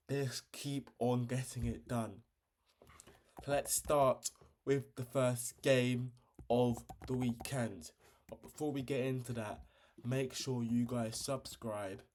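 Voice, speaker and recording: A man hosting a casual football review, blunt and slangy, with fired-up opinions and frequent pauses. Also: medium pitch, darkish tone. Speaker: football channel host.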